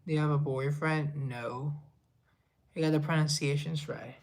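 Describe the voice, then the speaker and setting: A man's voice: fairly high pitch, steady tone, moderate pace. A young man from Colombia chatting casually on a live stream, reading viewer comments and rambling in a self-deprecating way. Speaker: livestreamer and musician.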